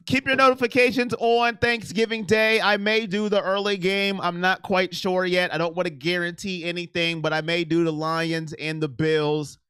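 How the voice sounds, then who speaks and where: A man hosting a sports livestream, chatting excitedly and directly with his viewers. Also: fairly high pitch, clean tone, no echo, studio quality. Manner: excitable, talks straight to chat. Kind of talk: casual live-stream chat with viewers.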